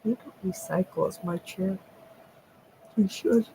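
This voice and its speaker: A woman's voice: medium pitch, unhurried, creaky, mellow, slight background noise, low-quality recording. A woman chatting casually with her livestream viewers. She talks loosely, swears freely and laughs often. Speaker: livestream host. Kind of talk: casual chat with live viewers.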